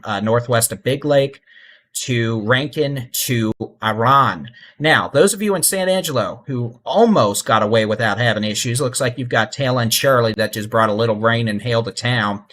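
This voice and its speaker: A middle-aged man with a drawl talks through live storm radar, easygoing and folksy. His voice sits at an ordinary pitch, and he turns urgent when he tells people to take shelter. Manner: relaxed, folksy, urgent warnings. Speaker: weather livestream host. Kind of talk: live severe weather commentary.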